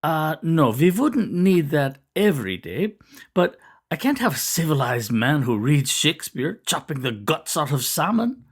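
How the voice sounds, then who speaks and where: A man's voice: on the high side, very animated, unhurried, slightly rough, full character voice. A man voicing a young, hearty male cannery boss with a Norwegian accent who speaks in effusive exclamations. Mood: persuasive.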